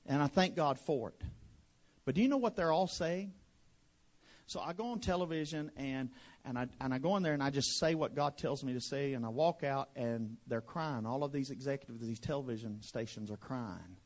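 A pastor from West Monroe, Louisiana, with a Southern accent, preaching a fiery sermon to a congregation. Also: male voice, mid-range voice, fairly quick, muffled recording. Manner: fiery preaching, swinging from hushed to shouted.

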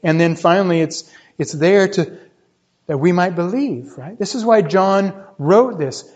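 A man preaching a sermon, explaining scripture and often checking in with "right?", climbing higher when he stresses a point. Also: a little slow, darkish tone. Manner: teaching, often checks with "right?", rises in pitch for emphasis. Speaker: pastor. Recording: dull lo-fi sound.

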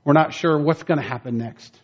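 A man's voice: a little high, a little fast, lo-fi sound. A man preaching a conversational sermon, telling stories in a folksy way and building up emphasis on his main points. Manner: folksy, storytelling, rising emphasis on key points.

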